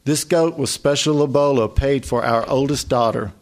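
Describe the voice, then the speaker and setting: A man's voice: mid-range voice, normal speed, natural voice. A man reading aloud, voicing an old man's mournful wife who wails and pleads. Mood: pleading. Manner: wailing, pleading.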